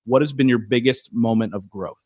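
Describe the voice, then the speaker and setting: A man's voice: mid-range voice, fairly quick, darkish tone, highs cut off. A man hosting a podcast interview, talking in a reflective way with filler words. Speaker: podcast host.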